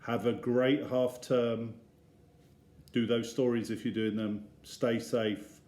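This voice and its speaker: A man, a teacher, reading a children's story aloud in an expressive storytelling manner. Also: mid-range voice, takes it slowly. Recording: roomy echo.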